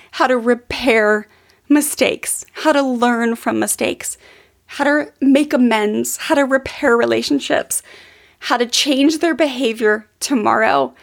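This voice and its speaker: A woman's voice: a little high, gravelly. A woman in her thirties hosting a podcast, telling personal stories in an earnest, heartfelt way with many fillers. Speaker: podcast host. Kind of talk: personal storytelling monologue.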